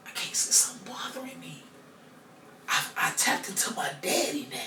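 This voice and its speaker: A man on a podcast telling a personal story in a casual, profane way, going from loud to hushed. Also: sits high, big pitch swings, normal speed, in a whisper. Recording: echoey room, mic far off, faint noise.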